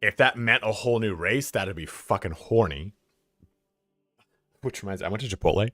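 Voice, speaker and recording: A man's voice: on the low side, lively intonation, normal speed, fairly bright tone, no echo, studio quality. A man streaming a game live, chatting casually with viewers and laughing often.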